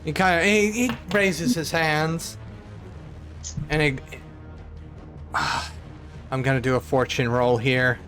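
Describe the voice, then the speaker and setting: A man narrating as storyteller of a tabletop role-playing game, relaxed and halting as he describes the scene. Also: fairly high pitch, soft background music.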